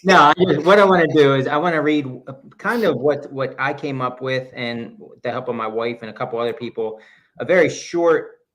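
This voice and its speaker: Man, podcast co-host, middle pitch, halting casual talk, frequent restarts. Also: fairly bright tone. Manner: halting, restarts, reads prepared text.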